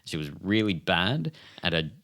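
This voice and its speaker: A young man spins a story on a podcast, his low voice bright and lively as it swings up and down. He swears freely and laughs often, and he keeps the telling casual. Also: moderate pace. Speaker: podcast co-host.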